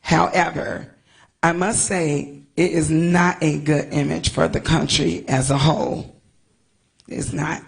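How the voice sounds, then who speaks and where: Woman from the US, tearful halting statement, creaky edge. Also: deep voice, steady tone, low-quality recording. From United States. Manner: tearful, halting, stumbles over words. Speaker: investor speaking at a press conference. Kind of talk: emotional prepared statement.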